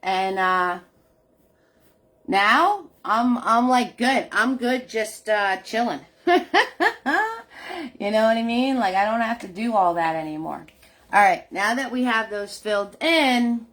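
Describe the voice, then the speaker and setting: A woman's voice: medium pitch, a little slow, fairly bright tone. A middle-aged woman hosting a live painting class, chatting casually, laughing often and greeting viewers by name.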